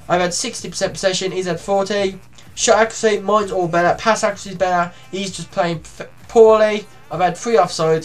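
A young gamer with a high voice gives excited live commentary on his own football video game match, shouting and swearing at the action.

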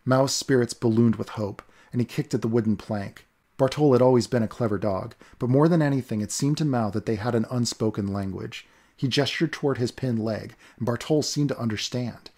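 A man narrating a fantasy story in a steady, measured reading. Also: medium pitch. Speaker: audiobook narrator.

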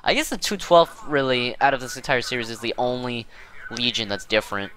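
Bright-voiced man rambling over gameplay. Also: mid-range voice, brisk. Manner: rambling, self-deprecating, lots of fillers and restarts. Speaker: gaming channel host. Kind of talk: casual gameplay commentary.

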